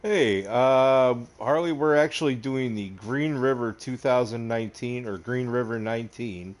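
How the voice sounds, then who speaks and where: A man's voice: mid-range voice, a little slow. A man from upstate New York hosting a casual gaming livestream, joking with his friends and greeting viewers. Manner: joking, laughing, talks to viewers. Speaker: livestream host.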